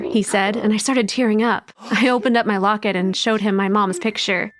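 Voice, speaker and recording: A woman giving a first-person storybook narration, wide-eyed and expressive. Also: mid-range voice, normal speed, few pauses, dry recording, studio quality.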